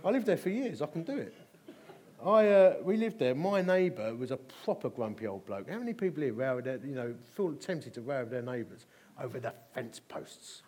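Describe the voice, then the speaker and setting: There's a little hiss or hum behind this middle-aged Englishman as he preaches a sermon at a moderate pace in a medium-pitched voice. He tells stories with animation and humour, repeating phrases for emphasis.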